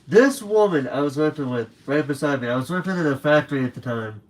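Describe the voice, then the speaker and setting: A young man chatting casually on a late-night stream from home, his voice sitting a little higher than most men's. He rambles through a story, loose and unscripted. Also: animated, quick pace, low-quality recording. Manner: rambling storyteller who acts out quoted people.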